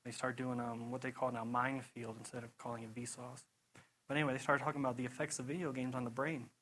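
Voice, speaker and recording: A young man preaching in a loose, chatty way, piling on "you know" and laughing through his own stories. His voice sits at an ordinary middle pitch. A faint hiss of noise runs under the recording. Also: quick pace, rough recording. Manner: rambling, animated storytelling with frequent "you know" and laughs. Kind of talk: casual sermon testimony.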